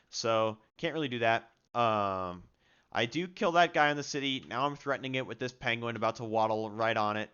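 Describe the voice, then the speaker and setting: Young male gamer, casual filler-heavy commentary, smooth voice, slightly dull lo-fi recording. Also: mid-range voice, a bit bright. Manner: chatty, frequent fillers, self-deprecating. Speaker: gaming video creator.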